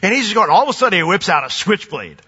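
A pastor preaching a sermon, lively and animated, often acting out voices. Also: male voice, high voice, fast talker, slightly rough. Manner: animated, acts out quoted voices. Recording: dull recording with long hall reverb.

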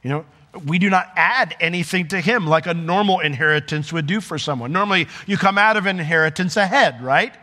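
Animated preacher man in a reverberant hall. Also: on the high side, brisk, hardly any pauses. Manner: animated, conversational preaching with asides and acted quotes. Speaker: pastor. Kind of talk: sermon.

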